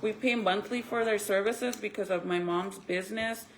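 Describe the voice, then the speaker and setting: A woman's voice: medium pitch, fairly even intonation, moderate pace, heavy background noise. A young woman at home, talking casually to her vlog audience, sad and sometimes close to tears. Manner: sad, venting, sometimes tearful. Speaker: vlogger.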